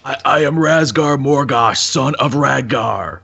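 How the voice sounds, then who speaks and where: Guy doing a husky gravelly orc, third-person talk, dim n proud. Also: medium pitch, unhurried, bright, forceful tone, lo-fi sound, faint music behind, heavily acted. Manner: talks of himself in third person. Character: gruff male orc warrior, dim and proud.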